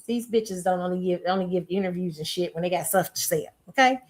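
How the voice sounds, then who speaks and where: A woman hosting a casual pop culture commentary show, laughing often and ranting in a sassy, animated way. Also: fairly low pitch, fast. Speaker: host.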